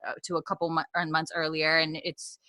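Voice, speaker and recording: Young woman on a podcast, low-ish voice, bright and forceful, super dry close sound, rambly and laughing a lot. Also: completely flat delivery, a little fast, dry recording. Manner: chatty, laughs often, rambling restarts. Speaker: podcast co-host recapping an episode. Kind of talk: casual chat.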